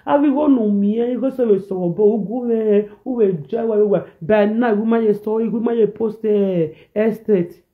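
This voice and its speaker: A man's voice: sits high, moderate pace, few pauses. A man with a Nigerian accent ranting in a preachy, repetitive reaction video, switching between pidgin and a local language. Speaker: social media commentator. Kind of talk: animated reaction rant. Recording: tinny phone-like audio.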